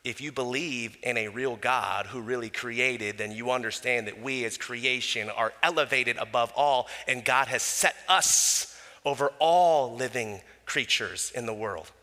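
A man preaching a sermon in a relaxed, conversational way, with casual asides and small chuckles. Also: medium pitch, long reverb tail. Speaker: pastor.

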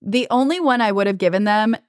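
Thirties woman co-host, casual and expressive, playful delivery, dry room. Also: mid-range voice, brisk, dry recording. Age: 30s. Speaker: podcast co-host. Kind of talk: casual chat.

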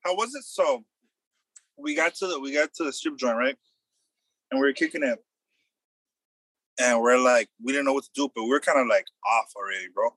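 A young man telling a wild story in loose, slangy casual chat, acting out the quotes loudly. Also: mid-range voice, moderate pace, pauses often, dry recording.

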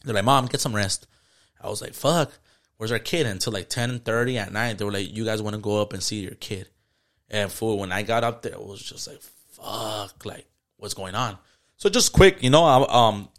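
Fast-talking man swearing through a story. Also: on the low side. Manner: storytelling with heavy swearing and slang. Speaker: podcast co-host. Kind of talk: casual chat.

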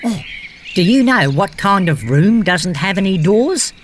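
A woman voicing a cheerful, fact-loving male green tree frog, gently guiding a children's storybook adventure and fond of silly jokes. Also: mid-range voice, animated, measured pace, slight background noise, natural voice.

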